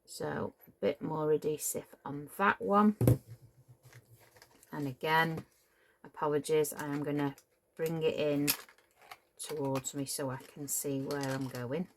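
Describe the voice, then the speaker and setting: A woman's voice: deep voice, steady tone, unhurried, pauses often, noisy background. A middle-aged woman, casually demonstrating a papercraft build, chatty and apologetic and prone to tangents. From Cheshire, England. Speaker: papercraft tutorial host.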